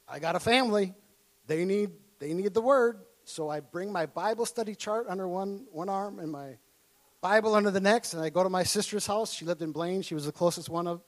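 A man from Minnesota delivers a sermon through a personal story, with a fairly high voice. He acts out his younger self in excited tones and laughs often as he talks. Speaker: preacher.

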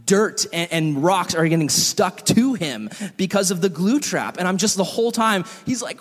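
A man's voice: high voice, expressive, normal speed, hardly any pauses, long reverb tail. A young man casually preaching to a youth group, telling jokey stories full of likes and ums. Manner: chatty, joking storyteller with many fillers. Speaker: youth pastor. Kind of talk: casual sermon.

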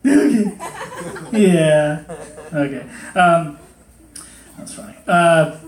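A man's voice: a little high, lively intonation, slow pace. A man in his thirties giving a casual, joking sermon, acting out quoted voices as he talks. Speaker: preacher. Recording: echoey hall.

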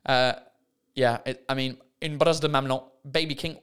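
A man's voice: fairly high pitch, fairly even intonation, moderate pace, smooth. Chatty, sweary man hosting a comedy podcast. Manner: chatty and sweary, laughing at mistranslations. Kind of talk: casual comic monologue.

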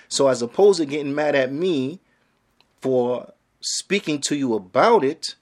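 A man giving a religious lecture as an Islamic teacher, emphatic and casual in phrasing, firing off rhetorical questions. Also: on the high side.

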